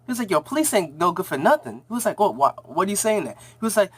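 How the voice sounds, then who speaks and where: A man casually recapping and reviewing a TV episode, rambling in slang and acting out the characters' lines in quick voices. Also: high-pitched, big pitch swings, a bit bright.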